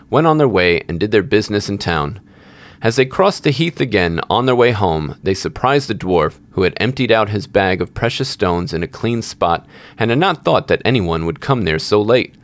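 Low-voiced man narrating a fairy tale. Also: animated, moderate pace. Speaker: storyteller.

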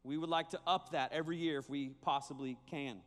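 Youth pastor guy, high voice, jokey and lively with the kids, big echoey hall. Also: a little fast. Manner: joking and animated, talks straight to the crowd. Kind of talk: sermon.

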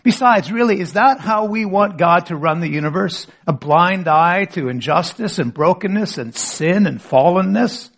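A man's voice: high-pitched, normal speed, hardly any pauses, fairly bright tone. A man preaching a sermon as pastor, asking rhetorical questions and leading the congregation in reading scripture aloud.

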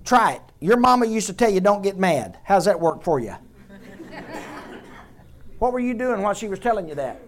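A woman's voice: medium pitch, animated, fairly quick, long pauses. Emphatic woman preaching a sermon. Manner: emphatic, repeats phrases, addresses the congregation directly.

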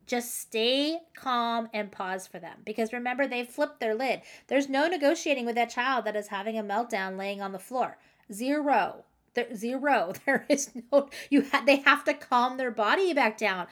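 A woman's voice: a little high, moderate pace. A middle-aged woman hosting a parenting podcast, giving casual, encouraging advice with frequent light laughs. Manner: chatty and encouraging, laughs often, acts out parent and child lines.

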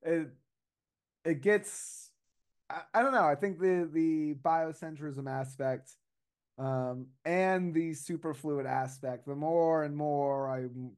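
Rambling, slightly high-voiced man telling a story. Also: slow pace, smooth. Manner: rambling, hesitant storytelling with fillers and restarts. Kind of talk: casual podcast chat.

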